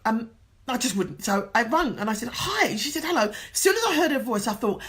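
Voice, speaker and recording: A woman's voice: a little high, big pitch swings, fairly quick, fairly bright tone. A middle-aged woman from England, a motivational coach, speaking earnestly to her viewers and sounding emotional, with a runny nose at times. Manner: heartfelt, tearful at times, earnest and encouraging. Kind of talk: emotional direct-to-camera talk.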